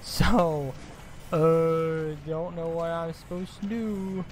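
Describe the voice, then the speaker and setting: An exasperated man talks over a horror game in a slightly higher than usual voice, swearing and piling up rhetorical complaints. A clear hiss of noise sits under his voice the whole way through. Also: fairly even intonation, slow, darkish tone. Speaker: gaming video host. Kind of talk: frustrated let's play commentary.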